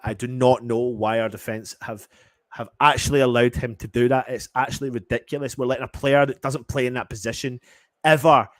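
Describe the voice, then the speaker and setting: Man, fan commentator, live reaction, exasperated and profane, mid-pitched voice, dry close mic. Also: dry recording. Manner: exasperated, swearing, shifts from muttering to shouting. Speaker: fan channel match commentator.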